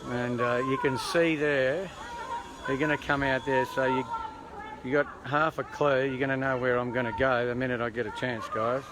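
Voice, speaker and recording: A man's voice: medium pitch, fairly even intonation, normal speed, a crowd in the background. An Australian man livestreaming from a street, talking casually and rambling to his viewers with jokey asides. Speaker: livestreamer at a protest. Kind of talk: casual live stream chat. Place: outdoors on an urban street. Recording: noisy outdoor street recording.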